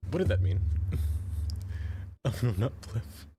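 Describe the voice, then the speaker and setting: A man chatting casually on a live game stream, playful and quick to laugh. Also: medium pitch, very animated, mellow, a little hiss or hum. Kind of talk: casual live-stream chat while gaming.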